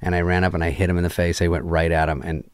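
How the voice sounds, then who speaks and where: A middle-aged guest comedian in a garage studio races through a story in a low-pitched, clean-toned voice, with clean studio sound and no echo. His talk is casual, animated and profane, and he acts out the voices of the people he describes.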